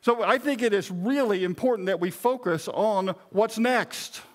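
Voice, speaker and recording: A man's voice: high voice, a little slow. A middle-aged man, a pastor, preaching a sermon in a conversational, self-deprecating way with touches of humor.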